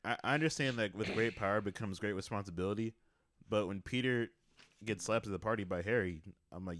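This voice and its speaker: A man's voice: lowish voice, fairly quick, fairly bright tone. A man co-hosting a casual movie chat, laid-back with nerdy asides. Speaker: podcast co-host.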